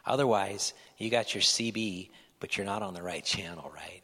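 A male pastor with a low, husky voice delivers an earnest, pleading sermon. His words ring out with a long reverb in a large church hall. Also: normal speed, sharp tone.

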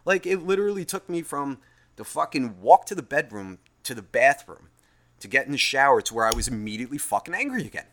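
A man's voice: mid-range voice, big pitch swings, fairly quick, a bit bright. A young man ranting in a profane, rambling, self-mocking monologue, tired after a long day. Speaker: podcast host.

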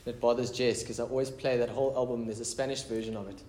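A man's voice: medium pitch, fairly even intonation, quick pace, a little mellow, echoey room. A man preaching a casual, conversational sermon as pastor, mixing prayer, scripture reading and chatty asides.

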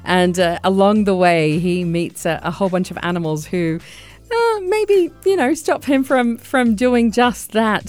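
A woman's voice: medium pitch, expressive, unhurried, darkish tone. A woman hosting a radio show from a studio, bubbly and upbeat with frequent laughs. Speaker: radio host. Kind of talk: casual radio talk.

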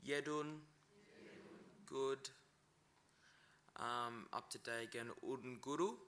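A man's voice: medium pitch, fairly even intonation, sharp tone, slight background noise. A man teaching an Indigenous language, sounding out words syllable by syllable. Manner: breaks words into syllables, slow and deliberate. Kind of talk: pronunciation lesson.

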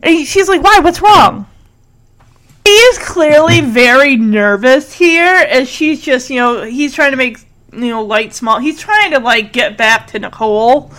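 A chatty woman with a high, light voice talks through a TV episode scene by scene. Her talk is casual and gushing, and she fills it with "like" and "you know". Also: animated, normal speed, a bit bright, poor audio. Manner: chatty, gushing, full of fillers. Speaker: show recapper. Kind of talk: casual recap chat.

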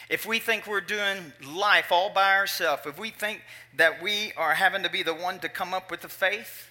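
Folksy preacher, high bright voice. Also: male voice, moderate pace, hardly any pauses. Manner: folksy, chatty, with audience asides. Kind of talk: sermon storytelling.

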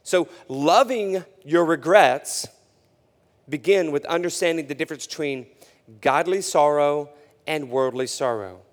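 A male pastor preaches in a relaxed, conversational way, correcting himself and filling pauses as he goes. His fairly high voice swings from loud emphasis down to a near hush, trailing off into a hall with a long reverb. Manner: conversational, with frequent fillers and self-corrections. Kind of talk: sermon.

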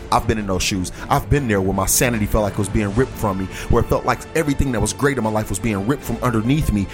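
A man preaching an encouraging sermon, speaking earnestly and directly to his listeners and urging them on. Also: medium pitch. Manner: earnest, exhorting, talks straight to listeners.

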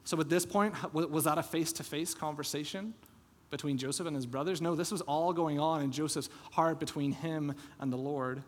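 A man preaching a sermon as pastor, telling a Bible story with lively acted-out quotes. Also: a little high, a little fast. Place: church sanctuary. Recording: long church hall reverb.

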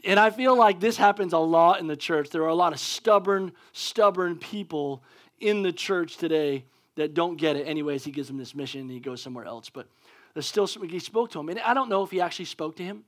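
A man preaching a sermon as pastor, casual and conversational, acting out scenes with animated energy. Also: a little high, fairly quick.

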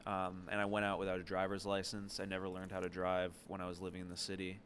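A man's voice: low-pitched, monotone, quick pace, fairly bright tone, a little hiss or hum. A man in his late twenties from New York City, co-hosting a casual chat and talking with many fillers and restarts. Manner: chatty, hesitant with fillers. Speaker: podcast co-host.

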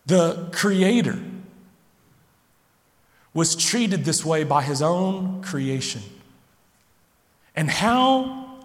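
A man preaching a sermon, telling the story dramatically, sinking low and slow, then building loud. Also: lively intonation. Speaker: pastor. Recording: long hall reverb.

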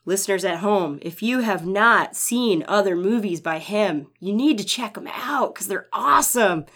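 A man co-hosting a casual movie podcast, relaxed and enthusiastic. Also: high-pitched, moderate pace. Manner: laid-back, enthusiastic about films. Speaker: podcast co-host.

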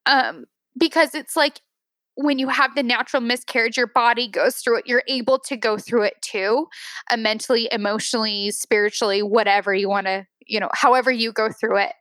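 A woman in her thirties telling an emotional personal story as a podcast guest, teary and halting, with many restarts and fillers. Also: on the high side, fairly even intonation, a bit bright, dry recording.

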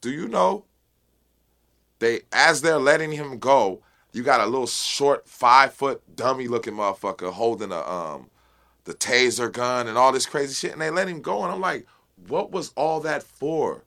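A man being interviewed as a rap guest, talking casually and with passion, full of street slang and repeated "you know what I'm saying", while high. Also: lively intonation, normal speed, vocal fry, pushed and bright. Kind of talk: casual unfiltered interview talk.

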